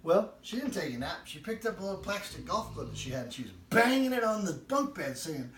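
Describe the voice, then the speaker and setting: A man with a high voice speaks briskly as he hosts a home cooking show, telling a funny family story while he bakes. He's an animated comic storyteller mixing a cooking demo with an anecdote. The home kitchen recording sounds echoey and distant.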